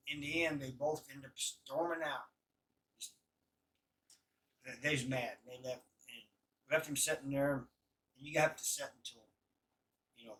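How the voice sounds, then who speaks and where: A man telling prison stories in a rambling, halting way, full of fillers and restarts. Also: medium pitch, fairly bright tone, distant mic, poor audio. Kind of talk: casual storytelling.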